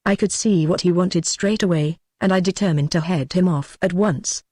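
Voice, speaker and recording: A modest Edwardian gentleman recounts a ghostly night in a musing, storyteller's way, as an audiobook reader puts him on. The pitch stays in the middle. The sound is close and dry. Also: moderate pace, no echo, natural voice. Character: reflective Edwardian gentleman telling a ghost tale.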